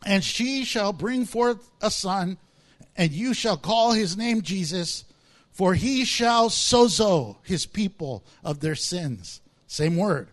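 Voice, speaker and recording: A man's voice: sits high, animated, takes it slowly. A man preaching a sermon, explaining words from the text and acting out the voices of people in the story. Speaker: pastor.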